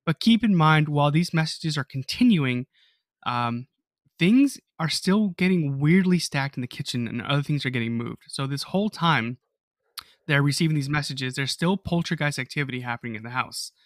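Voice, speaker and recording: A man's voice: fairly high pitch, animated, moderate pace, no room sound, clean studio sound. A man hosting a podcast, recounting a story casually with fillers and friendly banter. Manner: casual, uses fillers like "you know" and "dude".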